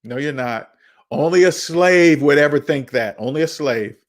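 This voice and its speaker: A man's voice: fairly high pitch, moderate pace. A man hosting a personal finance channel, talking in an emphatic, preachy way, repeating his points and scolding viewers. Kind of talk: emphatic monologue.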